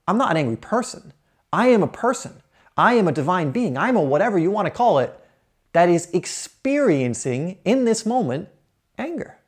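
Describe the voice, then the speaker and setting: A man speaking as a self-help coach in an earnest, coaching way, sometimes acting out the thoughts of his listeners. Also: fairly high pitch. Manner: earnest, coaching, acts out inner thoughts in quotes. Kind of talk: motivational talk to camera.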